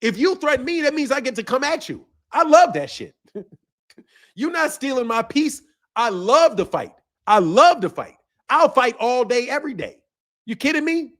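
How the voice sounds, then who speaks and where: A man's voice: very high-pitched, sing-song, moderate pace, a bit bright. A man hosting a boxing live stream, answering viewers' comments in a blunt, combative, profane way and laughing often. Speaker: boxing channel host.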